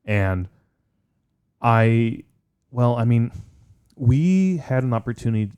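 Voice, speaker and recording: A man's voice: medium pitch, expressive, takes it slowly, darkish tone, clean tone. A man co-hosting a podcast in casual chat, enthusiastic and swearing freely. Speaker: podcast co-host.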